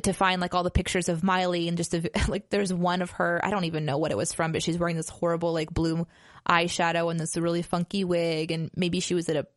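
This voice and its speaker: A woman on a podcast talks with enthusiasm and laughs easily. Her voice sits a little low for a woman, and the recording is dry and close. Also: level tone, fast, no room sound. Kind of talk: casual podcast discussion.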